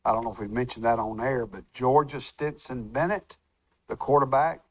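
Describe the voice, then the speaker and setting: A man's voice: medium pitch, moderate pace, dry recording, poor audio. Easygoing man host. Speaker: radio show host. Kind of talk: casual chat and sports news.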